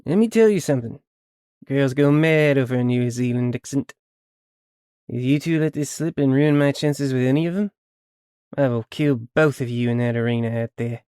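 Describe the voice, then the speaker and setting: A man's voice: high-pitched, expressive, brisk, few pauses, breathy edge, no echo, studio quality, voice pushed up. A man voicing a panicky, sarcastic young man who swears and whispers in alarm. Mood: cocky bluster.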